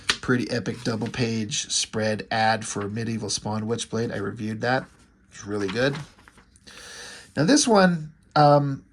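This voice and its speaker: Chatty man recapping a comic. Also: medium pitch. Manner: loose and chatty, swears, acts out quotes of characters. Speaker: comic book reviewer. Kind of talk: casual comic book recap.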